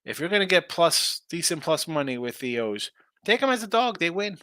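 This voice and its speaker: A man's voice: a little high, sing-song, bright, forceful tone, smooth, no room sound, studio quality. A man hosting a sports betting show, chatting casually and sarcastically while reading viewer comments. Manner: brash, fast-talking, sarcastic. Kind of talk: casual live-stream talk, reading chat.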